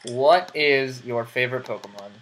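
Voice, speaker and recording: Chatty, laughing American host. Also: male voice, mid-range voice, moderate pace, a bit bright, a little hiss or hum. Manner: chatty, laughs a lot, rambling asides. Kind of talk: casual interview chat. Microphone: computer mic over a voice call.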